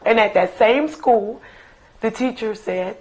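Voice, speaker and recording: A middle-aged woman, a mother remembering her late son, telling stories in an interview with slow, emphatic reminiscing and fond asides. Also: on the high side, rough recording. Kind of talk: recorded interview, personal storytelling.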